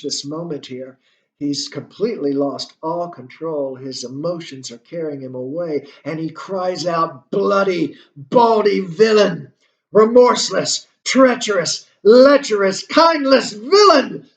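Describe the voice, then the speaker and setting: A man giving a recorded literature lecture, halting, with frequent fillers and restarts. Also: a little high. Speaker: literature instructor. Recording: echoey room, dull lo-fi sound.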